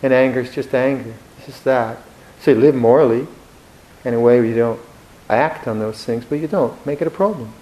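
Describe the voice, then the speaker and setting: A man's voice: mid-range voice, a little fast, poor audio. Reflective man giving a dharma talk. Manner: reflective, gently humorous, with hesitant restarts. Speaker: Buddhist monk teacher.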